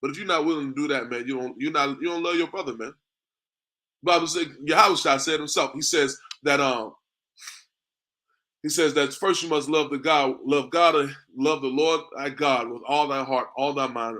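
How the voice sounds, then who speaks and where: A man preaching on scripture, tagging lines with "man" and slowing to a drawn-out cadence when he reads verses. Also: medium pitch, pushed and bright. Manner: conversational, repeats "man" and "you know what I mean". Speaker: street preacher. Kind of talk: street-corner preaching with scripture reading.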